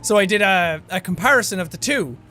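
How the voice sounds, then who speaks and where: Bright, excitable Irish man. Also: high voice, faint music behind. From Ireland. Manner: excitable, self-deprecating, quick exclamations. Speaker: YouTuber reacting to his old videos. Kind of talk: casual reaction commentary.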